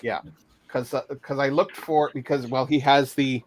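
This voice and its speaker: A man chatting casually as a guest, talking haltingly with many fillers and restarts over a video call. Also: mid-range voice, fairly even intonation, a little hiss or hum. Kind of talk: casual chat.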